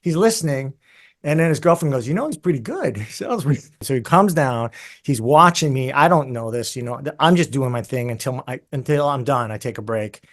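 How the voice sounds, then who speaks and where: A guest musician in an interview, this man tells a long story in a casual, lively way, full of fillers and side comments. His voice sits in the mid range and moves at a moderate pace.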